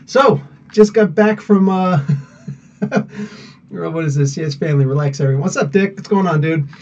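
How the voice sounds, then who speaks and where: Hosting a live podcast, a man chats loosely and rambles while greeting viewers by name. His voice is a little high and a little slow, with a darkish tone. The recording sounds dull, and the mic seems somewhat distant.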